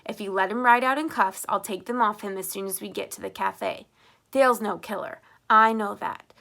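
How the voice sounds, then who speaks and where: A woman reading an audiobook, voicing a steady middle-aged male sheriff who questions in a measured, even way. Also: mid-range voice. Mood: calm probing.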